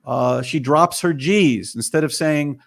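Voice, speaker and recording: A man's voice: on the high side, measured pace, creaky. A man, a filmmaker and author, telling his story emphatically as an interview guest.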